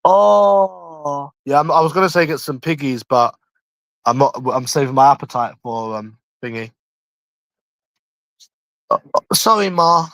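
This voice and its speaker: A brash, London-accented man talks a little slowly, with long pauses, on a casual live stream from his room at home, swearing freely as he rambles. His voice is somewhat high for a man and a bit bright, recorded close and dry with no echo from the room.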